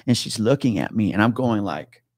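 A man's voice: fairly low pitch, animated, a little fast, a little mellow, dry recording, studio quality. A man guest on a podcast, a retired police officer telling a story in casual talk, swearing freely and acting out what others said.

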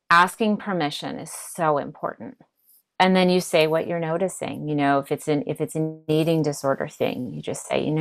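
A woman with a low voice speaks as a therapist guest on a talk show. Her advice comes gently, and she often repeats words while she gathers her thoughts. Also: steady tone, normal speed.

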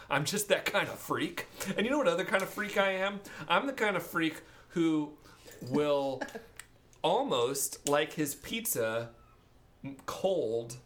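A man's voice: medium pitch, a bit bright, slight background noise. A man co-hosting a podcast, rambling and joking in casual chat and laughing often. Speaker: podcast co-host.

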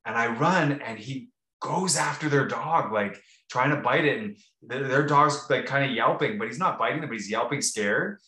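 A man's voice: medium pitch, moderate pace, sharp tone. A man co-hosting a podcast, telling a rambling, casual story with many restarts and fillers. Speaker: podcast co-host. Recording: roomy echo.

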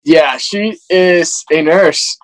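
A young man in his twenties, a guest actor in a casual interview, talking earnestly with halting restarts. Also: on the high side, dry recording, poor audio. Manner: earnest, halting, many restarts and "you know".

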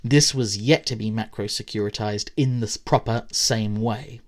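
A man hosting a podcast, reading a prepared essay aloud with quotes and brief casual asides. He lifts his voice at each new point and lets it fall away at the end. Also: moderate pace. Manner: rises in pitch and volume at new points, then trails off. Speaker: podcast host.

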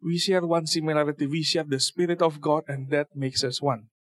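A man with a fairly high voice gives a relaxed talk at a church service. He reads scripture and explains it in a loose, conversational way, often stopping on fillers and restarting phrases. The sound is dry and close. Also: brisk, no room sound. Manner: conversational, with many fillers and repeated words. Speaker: church speaker.

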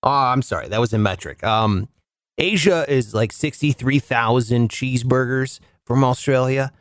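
A man's voice: normal speed, no room sound, clean studio sound. A man hosting a comedy news show, riffing sarcastically on the stories. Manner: riffing, sarcastic, jumps in pitch for jokes.

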